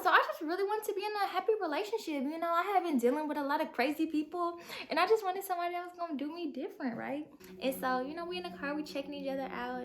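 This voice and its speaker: High-voiced young woman telling a lively story. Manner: animated, slangy storytelling with acted-out dialogue. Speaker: vlogger. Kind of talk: storytime vlog. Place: bedroom at home.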